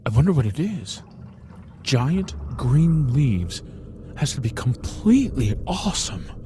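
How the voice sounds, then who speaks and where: A man's voice: medium pitch, sing-song, slow pace, background noise. A man reading a story aloud in the first person, theatrically, with sudden whispered asides. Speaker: storybook reader.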